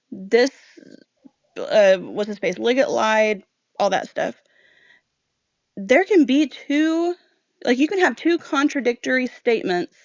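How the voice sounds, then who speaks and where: A woman co-hosting a casual true-crime discussion who thinks aloud and hedges in quick bursts. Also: mid-range voice, no echo, highs cut off. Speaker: podcast co-host.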